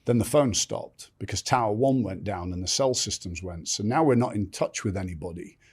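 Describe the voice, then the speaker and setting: A man's voice: fairly low pitch, a little fast, a little mellow, breathy edge. An older man telling his life story candidly as a podcast guest, blunt and swearing freely, often restarting sentences.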